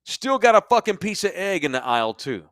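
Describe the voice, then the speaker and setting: Podcast co-host, man, animated and profane, slightly higher voice, dry studio sound. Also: brisk, no echo. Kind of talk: crude comedic storytelling. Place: sports bar studio.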